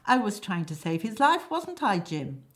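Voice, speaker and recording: A woman's voice: mid-range voice, sing-song, moderate pace, voice pushed up, close to an everyday voice. A woman voicing a sarcastic, defensive hired killer who bickers in a comic stage play.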